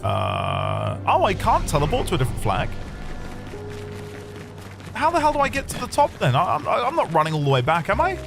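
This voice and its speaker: A man chats his way through a game stream. His voice rises and falls all over as he rambles and mutters the odd curse, and game music plays clearly behind him. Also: sits high, huge pitch swings, moderate pace, long pauses. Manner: chatty, rambling, swears lightly. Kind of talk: casual gameplay commentary.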